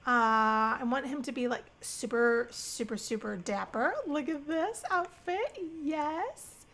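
A young woman hosting a life-sim game channel, giving excitable casual commentary with frequent squeals and laughter. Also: high voice, takes it slowly. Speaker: gaming channel host. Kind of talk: casual let's-play commentary.

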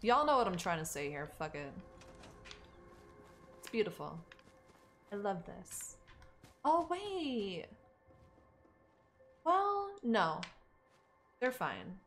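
A woman's voice: medium pitch, very animated, slow, pauses often, a bit bright, soft background music. A woman streaming a game live, chatting casually with her viewers, swearing freely and talking to herself as she plays. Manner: casual, profane, talks to herself and chat.

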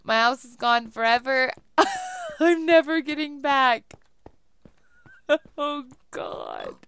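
A woman's voice: high-pitched, takes it slowly, a bit bright, no echo. A young woman giving casual let's play commentary, chatty and laughing often as she talks to herself while playing.

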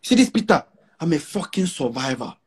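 Nigerian man in his 40s with a Pidgin-laced accent, boastful interview guest, high husky voice with lively swings. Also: a little fast. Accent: Nigerian English with Pidgin. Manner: emphatic, repeats himself, mixes in Pidgin.

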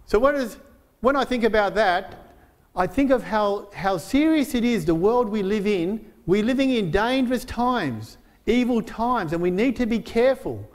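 Male pastor, high-pitched, earnest sermon delivery, slows for scripture quotes. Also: animated. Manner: earnest, with slowed emphasis on quoted verses; frequent fillers and restarts while preaching.

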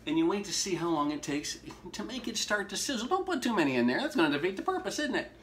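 A man's voice: sits high, very animated, fast, a little hiss or hum. A man hosting a casual cooking demonstration in a kitchen, talking in a folksy, jokey way with hip slang. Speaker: horror movie host doing a cooking segment. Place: home kitchen at the stove. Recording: loud sizzling and frying in the background.

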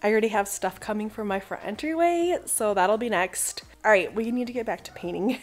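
A woman's voice: medium pitch, lively intonation, fairly quick, faint music behind. A woman in her thirties chatting casually and rambling upbeat about painting her living room, speaking to a camera mic in her home. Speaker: home renovation vlogger. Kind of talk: casual vlog chat.

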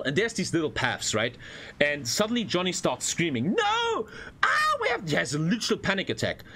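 A young German man with a German accent, chatting casually on a stream and telling animated stories with plenty of swearing. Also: fairly high pitch, a little hiss or hum. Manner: animated storytelling, swears a lot, acts out voices. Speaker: streamer reacting to a video. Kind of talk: casual reaction stream chat.

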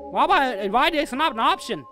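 A woman hosting a let's-play video, giving excitable commentary and swearing and shouting at the game. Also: high-pitched, moderate pace, music in the background. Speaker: gaming video host.

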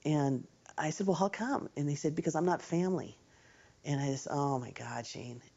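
A woman's voice: low voice, moderate pace, vocal fry, mellow. A middle-aged woman, a mother, recalling events in a documentary interview with heartfelt emotion. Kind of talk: documentary testimony. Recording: slightly muffled film audio.

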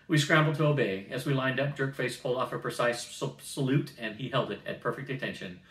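An older man reading a novel aloud to family in a steady manner, recorded from a distance in a roomy space. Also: medium pitch, a little fast, few pauses. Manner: steady reading, occasional throat clearing.

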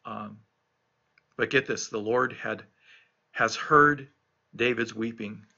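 A middle-aged man preaches a devotional reflection, earnest and emphatic, circling back to repeat his key phrases. His voice is very bright and forward, though the recording sounds dull and lo-fi. He is a pastor still recovering from an illness. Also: mid-range voice, slow, creaky.

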